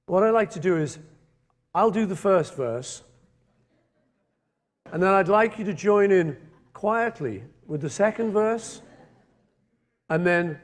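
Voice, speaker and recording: A man reading a poem aloud on stage, then joking with the audience in a playful, halting way full of fillers. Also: a little high. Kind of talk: poetry reading and stage banter. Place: large hall with a live audience. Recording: reverberant live hall with crowd.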